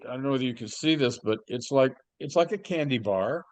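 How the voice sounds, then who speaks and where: This podcast co-host is a man with a medium-pitched, animated voice who talks a little fast, with no room sound. He chats casually, telling rambling stories packed with fillers and restarts.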